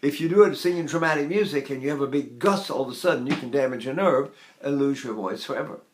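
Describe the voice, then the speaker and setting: A man in his eighties giving a spoken voice lesson in an unhurried, explanatory way, now and then singing or breathing to demonstrate. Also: medium pitch, a little hiss or hum. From United States. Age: 80s. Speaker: voice teacher.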